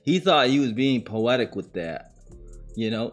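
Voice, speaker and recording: Man, podcast host, unhurried delivery, jokey slangy reactions, faint music behind. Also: mid-range voice, animated. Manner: joking, reacting to clips; uses slang and swearing. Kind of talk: casual live-stream commentary.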